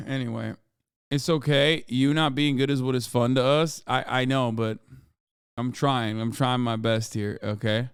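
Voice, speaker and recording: A male streamer talks into a desk mic in a smooth, clean tone with a dry, close sound. He rambles through his reactions with sarcasm and lots of "like" fillers. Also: medium pitch, fairly even intonation, unhurried, no room sound. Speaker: streamer host. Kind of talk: livestream reaction commentary.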